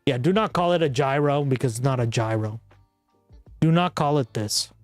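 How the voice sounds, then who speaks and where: A man's voice: mid-range voice, expressive, moderate pace, no room sound, soft background music. A man hosting a livestream, chatting casually with a rambling, profane manner and frequent laughter. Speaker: livestream host. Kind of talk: casual chat.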